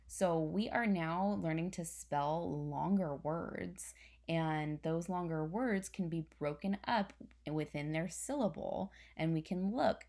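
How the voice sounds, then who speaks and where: A woman's voice: sits low, vocal fry, a little mellow. A young woman teacher patiently explaining a spelling lesson step by step to her class. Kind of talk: recorded online spelling lesson.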